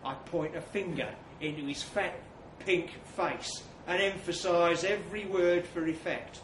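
A man's voice: high-pitched, unhurried, few pauses, a bit bright, slight background noise. A man reading a crude comic story to a laughing audience, acting out blokes' lines with swagger. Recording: echoey room from far off.

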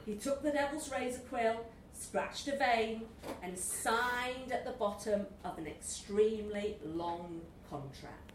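A woman's voice: a little high, takes it slowly, slight background noise. A woman reading a comic story aloud to an audience, wry and playful, often laughing. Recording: echoey room from a distance.

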